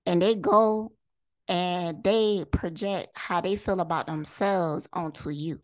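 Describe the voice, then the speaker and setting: A woman's voice: on the low side, steady tone, slow, darkish tone, no room sound. Blunt, profane woman ranting heatedly. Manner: rhetorical questions, repeats lines for emphasis. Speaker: vlogger. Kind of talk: impassioned direct-to-camera monologue.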